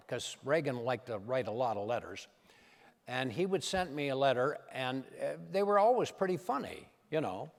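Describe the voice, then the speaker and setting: An older man, a comedian and impressionist, telling anecdotes on stage with an animated, punchline-driven delivery. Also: medium pitch, in a large hall. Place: event stage in a large hall.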